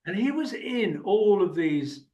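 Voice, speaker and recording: Older man, chatty storyteller, somewhat raised pitch, roomy echo. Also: sing-song, unhurried, mellow. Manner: chatty, rambling, laughs often. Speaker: actor and guest. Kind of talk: anecdotal storytelling.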